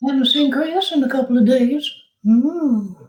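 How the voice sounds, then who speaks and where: A man voicing a creepy, leering elderly male neighbor, with a slow, breathy, wavering old-man drawl. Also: very high voice, echoey room, voice pushed up, poor audio.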